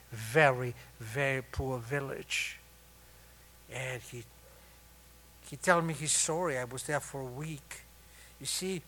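A man in his sixties sharing a personal story at a recovery meeting, with wry, self-mocking humor that turns tender and soft. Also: a little high.

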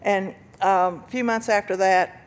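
A woman's voice: mid-range voice, steady tone, measured pace. Older woman telling her life story. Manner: earnest storytelling, bursts of laughter and loud acted quotes. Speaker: speaker sharing recovery story. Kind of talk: personal testimony talk.

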